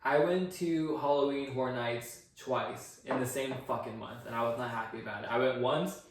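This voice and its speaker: A man's voice: mid-range voice, fairly even intonation, moderate pace. Ranting, foul-mouthed man in an echoey room. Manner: profane, ranting, heavy swearing. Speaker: podcast co-host. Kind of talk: casual chat. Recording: echoey room, distant mic, faint noise.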